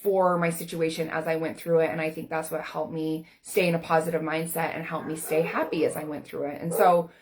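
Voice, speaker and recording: A woman's voice: low voice, flat delivery, fairly quick, few pauses. A woman in her forties, a life coach, talking candidly to camera in a casual, earnest way with plenty of everyday fillers. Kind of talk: personal talk to camera.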